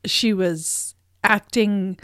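A woman's voice: medium pitch, drawn-out words, fairly bright tone, dry recording, clean studio sound. A woman co-hosting a podcast in casual chat, making wry asides and laughing at her own jokes. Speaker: podcast co-host.

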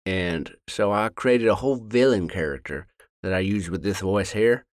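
Laid-back, low-voiced podcast guy. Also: normal speed, dry recording, clean studio sound. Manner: laid-back, profane, laughs often. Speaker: podcast co-host, voice actor. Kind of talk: casual chat.

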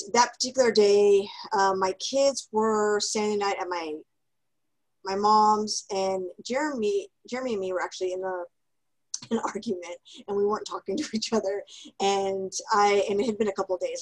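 A woman co-hosting a casual podcast, telling a personal story in a lively way with laughter, fillers and restarts. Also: medium pitch, low-quality recording. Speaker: podcast co-host.

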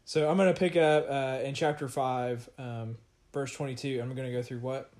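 A man's voice: medium pitch, fairly even intonation, normal speed, a little mellow. A man casually discussing and reading scripture with a co-host, talking loosely with fillers and light laughs. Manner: conversational, with fillers and laughter, reads scripture aloud. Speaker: podcast co-host teaching scripture. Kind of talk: casual Bible study discussion.

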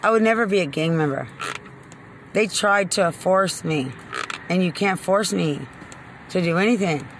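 A woman's voice: fairly low pitch, a little slow, pauses often, a little hiss or hum. A woman in a rambling, agitated rant, accusing and cursing at the people she blames. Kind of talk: angry rambling rant to camera.

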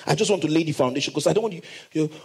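A man preaching a sermon, reading scripture slowly and emphatically and leading the congregation in call and response. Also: a little high, husky, rough recording. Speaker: pastor.

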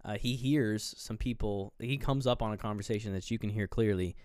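A man co-hosting a podcast, casually recapping a movie scene by scene with lots of fillers and quick character voices. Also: on the low side, a little mellow, no room sound, clean studio sound. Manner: retells scenes, briefly voicing characters; loose, filler-heavy storytelling. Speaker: podcast co-host.

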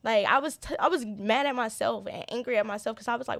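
A young woman with a gravelly touch of vocal fry speaks as an interview guest, telling a personal story. Her delivery is earnest and halting, with frequent restarts and repeated words. The sound is dry and close, with little room echo. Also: on the high side, fairly bright tone. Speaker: interview guest, business owner.

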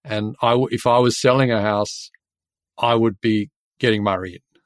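A man's voice: lowish voice, steady tone, normal speed, dry recording. An Australian man hosting a podcast, telling stories in a chatty way and laughing often. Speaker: podcast host and builder. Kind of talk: casual podcast chat.

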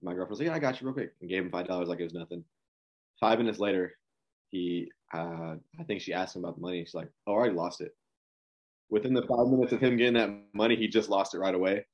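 A man's voice: deep voice, fast, a little mellow, dull audio. A man telling an amused story about an old friend, laughing as he goes. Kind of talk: anecdotal interview storytelling.

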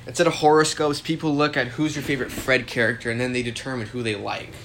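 A man's voice: medium pitch, fairly even intonation, fast talker, a bit bright, slight background noise. A man casually reading a comedy script aloud and tossing in offhand asides.

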